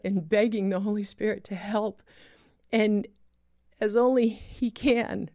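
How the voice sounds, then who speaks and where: A woman telling a dramatic faith testimony as a preacher, intense and vivid, dropping low and quiet at solemn moments. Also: no room sound, studio quality.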